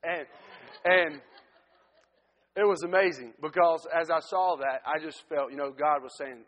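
A man's voice: a little high, measured pace, long pauses, fairly bright tone. A man giving an earnest testimony sermon as a missionary preacher, often restarting his sentences. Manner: earnest storytelling, frequent restarts. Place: church sanctuary. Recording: long church hall reverb.

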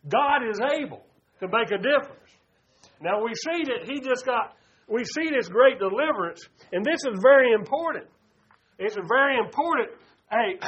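High-voiced preacher, folksy. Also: male voice, a bit bright. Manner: folksy preaching, calls listeners "buddy". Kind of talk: sermon. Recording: dull lo-fi recording.

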